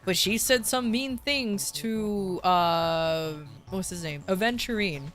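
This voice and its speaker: A woman's voice: mid-range voice, takes it slowly, fairly bright tone, soft background music. A woman streamer in a casual livestream chat, ranting bluntly with swearing and frequent restarts.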